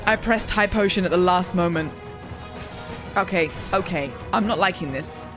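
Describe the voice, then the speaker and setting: A woman giving casual, excitable let's-play commentary, yelling and laughing at the game as she plays. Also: lowish voice, moderate pace. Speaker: gaming streamer. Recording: game music playing under voice. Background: game music.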